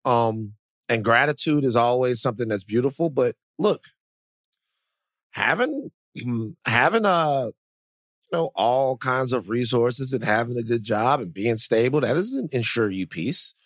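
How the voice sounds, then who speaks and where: A podcast co-host chats casually, rambling along with plenty of fillers and restarts. His mid-range voice is a bit bright, with lively intonation and a measured pace, and the clean studio recording has no room sound.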